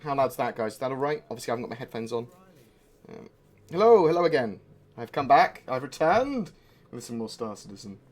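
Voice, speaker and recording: With a medium-pitched voice that swings widely in pitch, a man streams himself gaming live, speaking a little fast. He's distracted and rambling, full of tangents, over faint background music.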